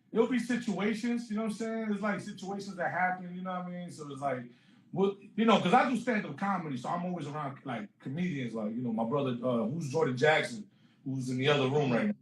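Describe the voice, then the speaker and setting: A man's voice: fairly high pitch, brisk. A man, a guest comedian, telling stories in casual interview chat, acting out quotes and laughing often. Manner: animated storyteller, acts out quotes, laughs often. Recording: echoey room.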